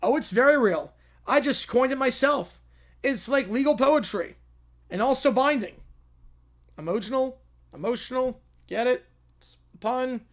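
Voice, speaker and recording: A man's voice: extremely high pitch, a little slow, pauses often. A man doing a smarmy cartoon lawyer who is delighted with his own bad puns, read aloud as a skit on a livestream. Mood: smug. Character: sleazy bumbling male lawyer.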